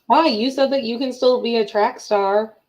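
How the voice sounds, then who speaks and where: A woman's voice: on the high side, fairly even intonation, normal speed, a little mellow, poor audio. A woman co-hosting a podcast in casual chat, chatty and reflective, telling stories as she talks. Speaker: podcast co-host.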